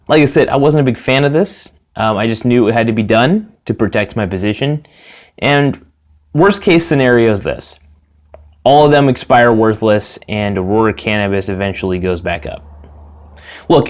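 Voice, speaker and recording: A young man hosting his own finance podcast, talking casually on his own, rambling with many fillers and restarts, and swearing freely. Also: fairly low pitch. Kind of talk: casual solo podcast talk.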